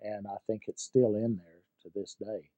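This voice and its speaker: An older man recalling his war experiences in a halting way, with many fillers and repeated words. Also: lowish voice, flat delivery, warm tone, low-quality recording. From United States. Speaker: veteran interviewee. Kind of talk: personal war recollection.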